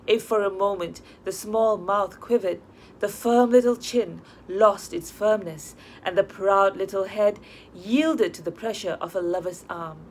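A woman's voice: medium pitch, a little hiss or hum. Woman reading a story aloud. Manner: measured, expressive reading. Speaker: audiobook narrator. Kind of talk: storybook narration.

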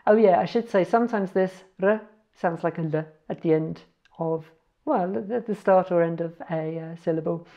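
A woman's voice: on the low side, lo-fi sound. Chatty woman spelling out letters. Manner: chatty, self-correcting, spells out letters slowly. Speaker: language learner sharing words. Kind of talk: casual spelling-out tutorial.

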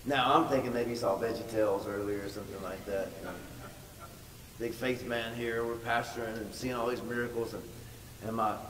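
This emphatic pastor has a fairly bright mid-range voice with fairly even intonation and normal speed, repeating words for stress as he tells a story in his sermon. The echoey large church hall is captured from a distance, with faint noise.

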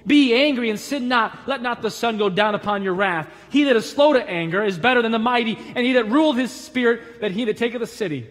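A male pastor preaching a sermon, rising to loud emphatic calls and dropping low, and acting out the voices of people in his stories. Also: fairly quick, few pauses, long reverb tail. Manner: acts out voices in stories with a laugh. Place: church sanctuary.

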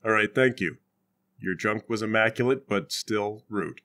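A man's voice: fairly low pitch, unhurried, pushed and bright. A man playing in a tabletop game, responding with dry, wry jokes in casual chat. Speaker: player.

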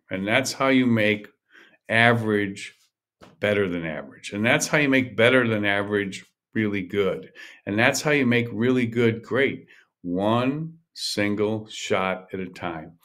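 A man's voice: lowish voice, a bit bright. Older guy on a podcast, emphatic coach talk, voice jumps up and down a lot, keeps restarting. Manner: emphatic, repetitive, restarts often. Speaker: podcast host, golf coach. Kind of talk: solo podcast monologue.

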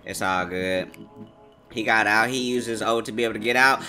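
Bright-voiced excitable male gamer. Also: lowish voice, normal speed, soft background music. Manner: excitable, trash-talking, swings from loud to muttering. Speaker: gameplay commentator. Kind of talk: live gameplay commentary.

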